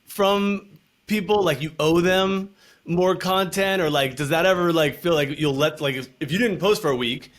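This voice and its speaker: A man's voice: a little high, moderate pace, fairly bright tone. A man hosting a podcast interview, asking long, rambling questions that restart midway. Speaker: podcast host.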